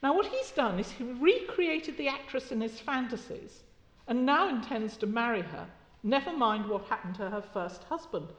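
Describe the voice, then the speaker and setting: A woman's voice: a little high, expressive, normal speed. A woman giving an academic keynote lecture, with a wry, conversational delivery and occasional fillers. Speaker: keynote speaker. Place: lecture hall. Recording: echoey lecture hall.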